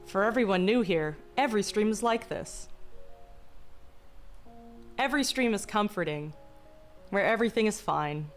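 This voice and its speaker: A young woman hosts a live stream, talking slowly in a deliberately calm, mock-relaxing voice with a slight vocal fry. Her pitch sits in an ordinary middle range. Soft music plays faintly behind her. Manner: mock-soothing, slow and deliberately calm, jokey. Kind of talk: casual live-stream chat. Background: faint background music.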